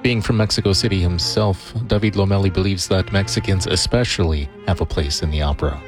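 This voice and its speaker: A male radio reporter reading a scripted news segment in a measured, even way. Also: low-pitched. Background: music bed.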